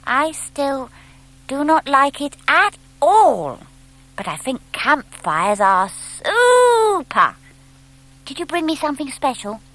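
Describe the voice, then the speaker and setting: A woman voicing an eager young baby owl boy who speaks slowly, wide-eyed and pleading. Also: high-pitched, sing-song, fairly bright tone, no room sound, voice pushed up, exaggerated voice, low-quality recording.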